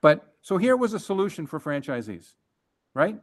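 A man, a guest and former franchise executive, telling a business story in conversation, emphatic and animated with quick restarts. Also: fairly high pitch.

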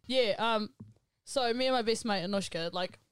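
A woman's voice: fairly high pitch, normal speed, clean tone, no echo. A young woman, telling stories in a casual, slangy, chatty way. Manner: chatty storytelling, lots of "like", slangy. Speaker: podcast co-host. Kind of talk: casual chat.

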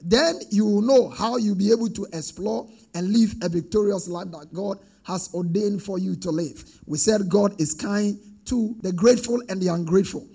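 A man's voice: sits high, normal speed, creaky, hardly any pauses, dark tone, breathy edge. A man preaching a sermon with call-and-response, rising into sing-song emphatic swells.

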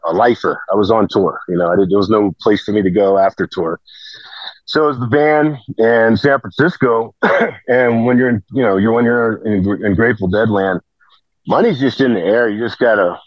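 A man's voice: lowish voice, no room sound, dull audio. A man telling a long, rambling story in casual conversation, full of fillers and restarts. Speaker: podcast guest telling stories.

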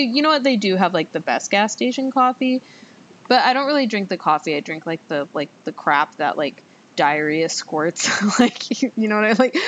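Telling a story on her podcast, a young female host chats casually and rambles, leaning on fillers and making self-mocking asides. Underneath, there's faint background noise with a low rumble.

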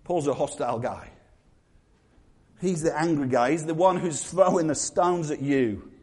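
A man preaching a sermon, retelling scenes in lively acted-out voices. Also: a little high, measured pace, slightly rough. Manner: animated storytelling, acts out quoted voices.

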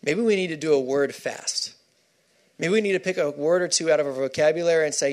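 A man's voice: on the high side, a little fast. A man preaching a sermon, emphatic and repeating key phrases for stress.

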